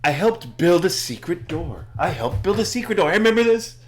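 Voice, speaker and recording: A man voicing an excitable, forgetful male builder who repeats himself in a shrill, rising voice. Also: unhurried, echoey room. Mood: excited.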